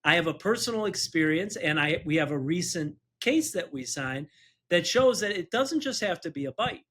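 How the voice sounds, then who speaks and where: A man's voice: on the high side, lively intonation, normal speed, a bit bright. A man who is a personal injury attorney co-hosting a podcast, telling an anecdote casually, chuckling through it and acting out the voices of people he quotes.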